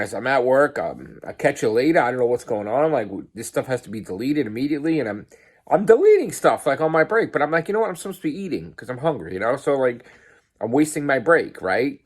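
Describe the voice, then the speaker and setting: A man's voice: medium pitch, expressive, fast talker. A man hosting a podcast, ranting to camera in an angry, swearing, agitated way. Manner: swears heavily, grows agitated and loud. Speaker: podcast host. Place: pizzeria, on a work break.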